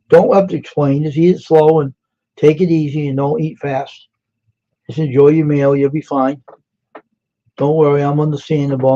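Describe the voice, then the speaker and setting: A man's voice: mid-range voice, dark tone. Chatty man hosting a lo-fi live stream. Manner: chatty, greets and quizzes chat viewers by name. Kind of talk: casual live stream chat with viewers. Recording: dull lo-fi sound.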